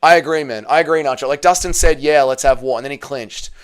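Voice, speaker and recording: A man speaking fast in a smooth voice hosts a casual livestream, reading the chat aloud. He gets emotional, repeats himself and swears, and his pitch climbs when he's upset.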